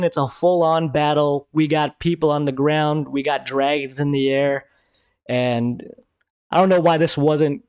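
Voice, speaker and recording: A man hosting a live review stream, talking excitedly in casual commentary and swearing freely. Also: a little high, dry recording, clean studio sound.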